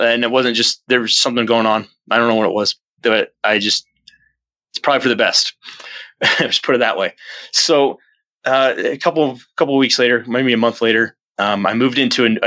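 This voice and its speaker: A man telling a personal story as a podcast guest, earnest and rambling, with many restarts, jumping up in pitch when he acts out his own past lines. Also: pushed and bright, dry recording, highs cut off. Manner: earnest, rambling retelling with frequent restarts and fillers. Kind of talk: casual storytelling in an interview.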